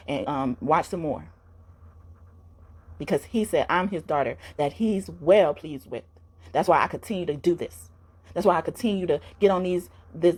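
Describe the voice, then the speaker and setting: A woman's voice: fairly low pitch, darkish tone, breathy edge. A woman giving a spiritual tarot reading to camera, rambling and earnest, with many fillers and restarts. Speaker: tarot reader.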